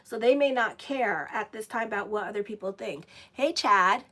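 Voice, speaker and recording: A woman reading tarot cards in a relaxed, chatty way, often breaking off to talk to viewers and to her pets. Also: medium pitch, a little fast. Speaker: astrologer and tarot reader. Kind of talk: casual live tarot reading.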